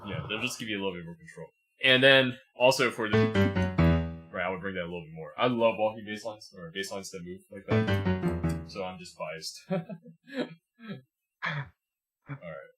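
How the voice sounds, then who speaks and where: A man's voice: lowish voice, lively intonation, normal speed, long pauses. A man teaching piano on a livestream, patiently explaining as he demonstrates and often checking with "right?". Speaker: piano teacher reviewing a student. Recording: piano music playing behind.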